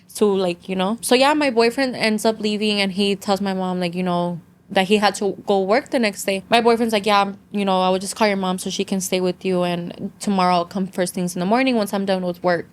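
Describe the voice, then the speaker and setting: A woman's voice: medium pitch, fairly even intonation, fairly quick, few pauses. A young adult woman guest, telling a story in casual chat, mixing English and Spanish, with many "like" fillers and an earnest, emotional tone. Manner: earnest emotional retelling, near tears. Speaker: podcast guest.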